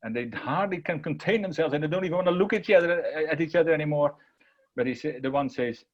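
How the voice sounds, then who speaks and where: A man's voice: on the high side, fast, muffled recording. A man giving an inspirational talk, repeating phrases earnestly and then telling a parable. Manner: earnest, repetitive, emphatic. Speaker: motivational speaker.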